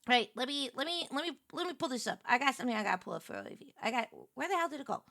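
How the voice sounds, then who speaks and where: Excitable high-voiced woman streamer. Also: fast, few pauses, dry recording, studio quality. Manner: excitable, gushing, thanks viewers effusively. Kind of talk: casual live-stream chat.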